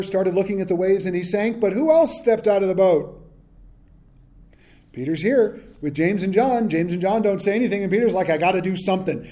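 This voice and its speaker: A male pastor preaching a sermon, telling the story with lively acted-out quotes. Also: high-pitched.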